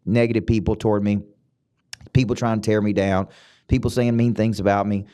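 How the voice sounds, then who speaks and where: A man's voice: level tone, brisk, dark tone, clean tone. Emphatic man with a Southern accent. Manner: emphatic and repetitive, with sudden jumps up in pitch. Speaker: business and mindset coach, podcast host. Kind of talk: motivational podcast monologue.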